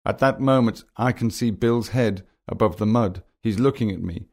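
A man narrating a children's graded reader in a plain, measured, simple way. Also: lowish voice, creaky, darkish tone.

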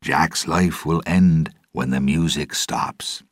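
A man voicing a grim older sailor who speaks quietly and seriously. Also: extremely low pitch, slow, dry recording, studio quality, full character voice. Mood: grave. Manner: quiet, grave.

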